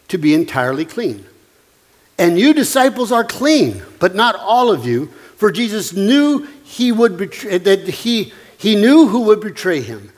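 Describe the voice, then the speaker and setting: A man with a notably high voice preaches an earnest, conversational sermon, leaning on emphatic repetition to drive points home. His voice carries a long reverb trail, as if he is speaking in a large hall. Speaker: pastor.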